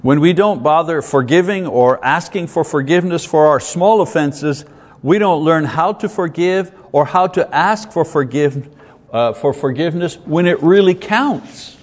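A man's voice: fairly high pitch, a little slow. A man giving a sermon as a pastor, earnest and conversational, repeating his key lines for weight. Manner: earnest, conversational preaching with repetition. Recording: long hall reverb.

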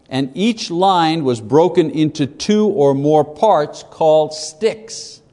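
Male teacher, slow and halting lecture delivery, slightly high voice, long hall reverb. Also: darkish tone. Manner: unhurried, halting, with many fillers and asides. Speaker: Bible teacher. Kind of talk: classroom lecture.

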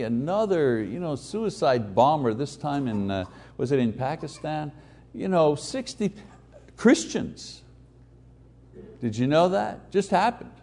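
Animated male preacher, lively pitch. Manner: animated preaching with slow emphatic phrases and sudden quiet asides. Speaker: pastor. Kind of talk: sermon.

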